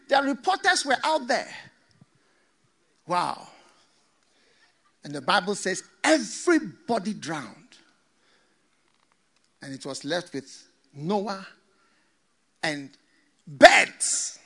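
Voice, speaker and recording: A man's voice: sits high, very animated, slow pace, pauses often, fairly bright tone, husky. A man preaching a sermon, telling a story dramatically with joking asides.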